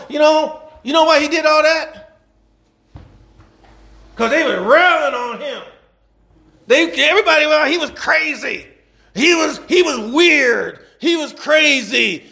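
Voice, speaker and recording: Very high and creaky, the voice belongs to a middle-aged man giving an animated, folksy sermon. He asks his congregation rhetorical questions, leans on call and response, and chuckles between points.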